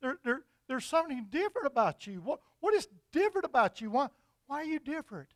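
A man's voice: extremely high pitch, lively intonation, quick pace, fairly bright tone, no room sound, studio quality. A man voicing a puzzled soldier who keeps asking, bewildered, what is different about the man beside him. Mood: curious. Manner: baffled, questioning.

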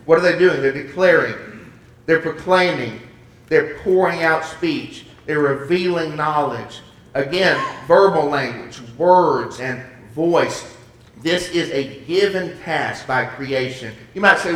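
A man's voice: on the high side, fairly bright tone. A male pastor preaching a sermon, emphatic, with frequent restarts and repeated words. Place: church sanctuary. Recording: echoey room, voice from far off.

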